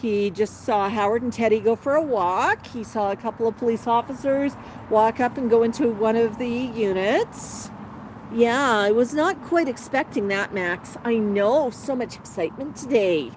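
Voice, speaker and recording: A woman's voice: a little high, normal speed, slight background noise, poor audio. A woman hosting a casual livestream on an outdoor patio, chatting to her pet bird and her viewers by turns. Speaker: parrot channel host.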